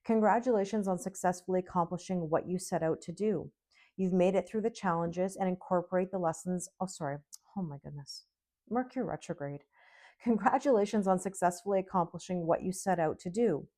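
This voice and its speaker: Speaking a little fast in a lowish, dark voice, a middle-aged woman does a relaxed tarot reading. She stays talkative and reassuring, frequently tossing in "okay?" or "right?" to check in.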